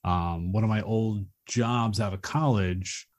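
A man's voice: fairly low pitch, slow. A man from Florida co-hosting a podcast, telling stories in an easygoing, reflective way. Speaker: podcast co-host. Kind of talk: casual chat.

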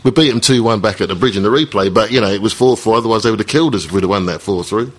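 A man, co-hosting a casual football podcast and telling stories in an animated way, mimicking fans as he goes. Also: on the low side, rapid-fire. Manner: animated storyteller, mimics fans' voices. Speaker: podcast co-host.

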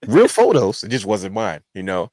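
A man's voice: lowish voice, sing-song, normal speed, darkish tone, no echo. A man hosting a wrestling podcast, telling a long rambling story in casual chat. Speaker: podcast host.

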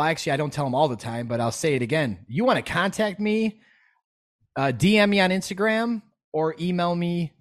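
Emphatic, animated man on a podcast. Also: mid-range voice. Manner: animated, emphatic, swears freely, acts out quoted people. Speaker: podcast guest. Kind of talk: casual podcast conversation.

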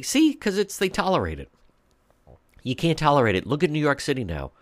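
A man's voice: fairly high pitch, huge pitch swings, brisk, dry recording. A man hosting a talk radio show, delivering an indignant monologue full of rhetorical questions and mocking impressions.

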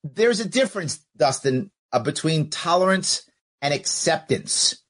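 Husky, lively-voiced man arguing a point. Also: a little high, unhurried. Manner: argumentative, rhetorical questions, acts out both sides. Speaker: podcast host. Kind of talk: live podcast commentary reading listener comments.

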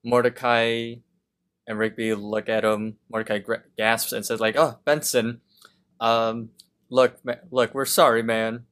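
A man co-hosting a podcast, calmly retelling a cartoon episode scene by scene with small fillers. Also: medium pitch. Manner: slow, measured retelling with fillers. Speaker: podcast co-host. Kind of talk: casual episode recap.

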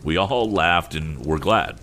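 Deep-voiced male audiobook narrator. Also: a little hiss or hum. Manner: measured, expressive storytelling. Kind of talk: classic novel reading.

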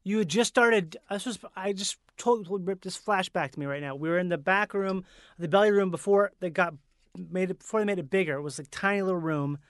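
A man hosting a casual chat, asking quick questions and chiming in. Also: sits high, fairly bright tone, no echo. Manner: chatty, brief interjections.

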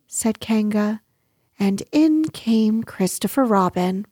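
A woman narrating a children's storybook in a gentle, unhurried manner. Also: on the high side, lively intonation, slightly rough, dry recording, studio quality. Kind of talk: storybook reading.

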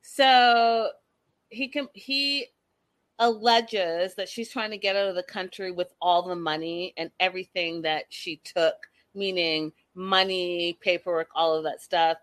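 A woman's voice: fairly low pitch, fairly even intonation, a little slow, fairly bright tone. A woman hosting a casual chat show, blunt and profane, reacting with emphatic opinions. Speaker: show host.

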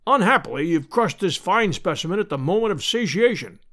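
A man voicing a booming, pedantic older male professor who lectures in a pompous way. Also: expressive, fairly quick, a bit bright.

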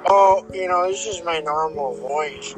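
A man's voice: a little high, unhurried, close to an everyday voice, rough recording. A man doing an airy, evasive celebrity impression of a woman, with faint music behind. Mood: breezy.

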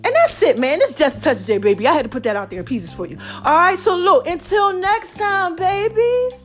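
High-voiced playful woman vlogger. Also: very animated, fairly quick, soft background music. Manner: playful, laughing, calls viewers "baby" and "y'all". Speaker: vlogger giving life advice. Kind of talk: casual motivational talk to viewers.

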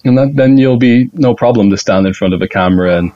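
A man guesting on a podcast as an actor, talking in a rambling, excitable way and laughing often. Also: mid-range voice, fast, lo-fi sound. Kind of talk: casual podcast chat.

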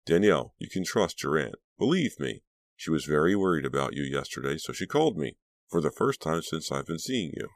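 A man reading an audiobook, voicing a calm, gentle male psychiatrist who speaks softly and reassuringly. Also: a bass voice, fairly quick, vocal fry, no echo, full character voice.

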